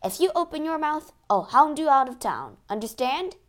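A man's voice: extremely high pitch, expressive, moderate pace, pitched above the performer's own voice. A woman voicing a commanding, outraged frontier man. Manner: forceful, commanding, shouting at a bully. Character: bold, righteous male stranger, mining expert.

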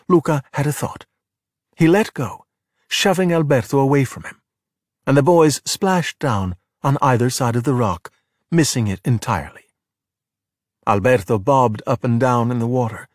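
A man narrating a children's storybook in an expressive, animated way. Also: mid-range voice, slightly rough, no echo, clean studio sound. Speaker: audiobook narrator. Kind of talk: storybook reading.

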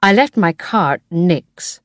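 A woman's voice: lowish voice, lively intonation, slow pace, no room sound, clean studio sound. A woman voicing a friendly young aunt who teaches, in a storybook reading. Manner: friendly and eager.

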